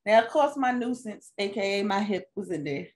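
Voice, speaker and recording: A woman who co-hosts a podcast, a mother and stepmother, tells a casual family story and laughs often. Her voice is medium pitched and fairly quick, and she comes across as a relaxed storyteller.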